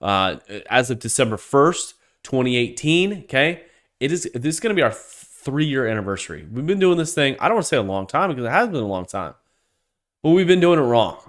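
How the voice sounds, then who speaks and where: Swinging widely in pitch from a mid-range base, the podcast host speaks a little fast in a heated, foul-mouthed solo rant. Getting worked up, he trips over restarts and repeated words.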